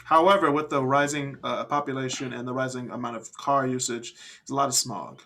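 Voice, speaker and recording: A man's voice: medium pitch, fairly quick, a little hiss or hum. A man hosting a casual group chat, joking around and moving the talk from one topic to the next. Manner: animated, joking, leads the topics.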